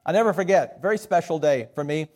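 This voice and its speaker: A man's voice: fairly high pitch, fast talker, a little mellow. A middle-aged man with a Southern US accent preaching a sermon as pastor, folksy and self-deprecating.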